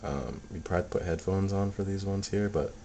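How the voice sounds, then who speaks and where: A man casually talking through his recordings, soft-spoken and hesitant, full of ums and restarts. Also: low-pitched, fairly quick, a little hiss or hum. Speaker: paranormal hobbyist playing back recordings. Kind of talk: casual video commentary.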